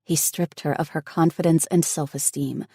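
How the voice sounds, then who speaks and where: A woman's voice: low-pitched, fairly even intonation, moderate pace, dark tone, husky, no room sound, studio quality. A woman voicing an anxious young woman who grieves for her ill mother, speaking in an earnest, emotional way. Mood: sad.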